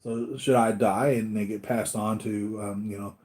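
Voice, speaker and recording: A man's voice: lowish voice, fairly even intonation, moderate pace, a little mellow. A man hosting a live stream about his collectibles, chatting casually and rambling, acting out the voices of people in his stories. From United States. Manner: rambling, acts out voices of others in anecdotes. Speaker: collectibles channel host.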